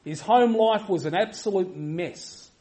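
A man preaching a sermon emphatically, repeating himself for weight and swinging from loud to quiet. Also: sits high, a little slow, poor audio. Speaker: pastor.

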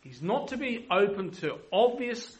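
A man preaching a sermon emphatically, repeating himself for weight and swinging from loud to quiet. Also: sits high, very animated, unhurried, rough recording. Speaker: pastor.

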